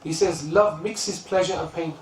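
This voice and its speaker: A man from the UK teaching a lesson on classical poetry, telling stories and chanting lines of verse quickly. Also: fairly high pitch, a little hiss or hum. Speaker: religious teacher. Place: lesson room. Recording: roomy, distant mic, faint ambience.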